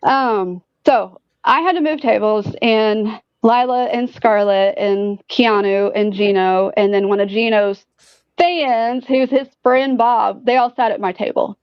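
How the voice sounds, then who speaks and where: A woman tells a long story in casual conversation, full of fillers and swearing. Her voice sits fairly high. The audio is dry and a little dull, like a lo-fi recording. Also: a little slow, clear, resonant tone, no echo. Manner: animated, profane storytelling with many "like"s. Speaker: guest. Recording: dull lo-fi sound.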